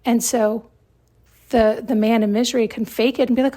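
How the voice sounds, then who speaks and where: A woman's voice: a little high, steady tone, normal speed, mellow. A woman hosting a podcast and giving an emphatic self-help monologue, repeating herself and often checking in with "right?". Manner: emphatic, repetitive, frequent tag questions. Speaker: podcast host.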